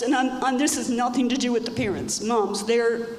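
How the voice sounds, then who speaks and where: A woman's voice: fairly high pitch, brisk, hardly any pauses, a little hiss or hum. An older woman speaks in a raised, earnest voice as she gives a personal testimony on a church panel. She stresses her points by repeating phrases. Her words ring out in an echoey hall with a long tail. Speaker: panel guest. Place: church stage.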